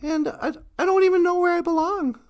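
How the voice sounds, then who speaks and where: A woman's voice: very high-pitched, fairly even intonation, fairly quick, darkish tone. A woman voicing a small, lost, worried male teddy bear who stammers and hesitates.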